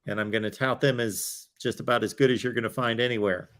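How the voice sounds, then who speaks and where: A man's voice: medium pitch, steady tone, fast, fairly bright tone. A man hosting a college football livestream, talking in a rambling, chatty way, tired with his voice wearing out. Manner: rambling, chatty, with fillers and self-asides. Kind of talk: casual livestream chat.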